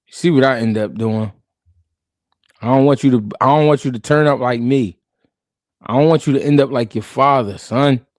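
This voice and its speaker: A man voicing a stern father warning his son, in a slow, grave, lecturing way, much lower than his own voice. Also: a little mellow, dry recording, clean studio sound, natural voice.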